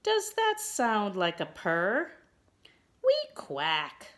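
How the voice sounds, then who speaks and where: A woman's voice: medium pitch, huge pitch swings, drawn-out words, a bit bright, pitched above the performer's own voice, heavily acted. A woman voicing a noisy, friendly duck family that quacks and answers kindly in a storybook reading.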